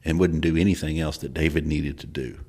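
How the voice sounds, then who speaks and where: An easygoing male host, chatting and chuckling through a casual interview. His voice is extremely deep with a husky, breathy texture. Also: steady tone, fairly quick, a little mellow. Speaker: show host.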